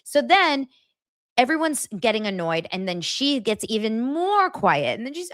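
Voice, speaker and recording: A woman hosts a chatty podcast, recapping reality TV with animated, gossipy energy. Her pitch swings widely, and she often jumps into high, mocking impressions. The sound is dry and close to the mic. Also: measured pace, no room sound. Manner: animated, gossipy, mimics cast members in high voices. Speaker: podcast host.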